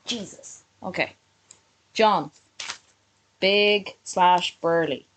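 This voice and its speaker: A woman's voice: on the low side, very slow, rough recording. A woman streamer reacting live to a video, sarcastic and swearing constantly in casual commentary.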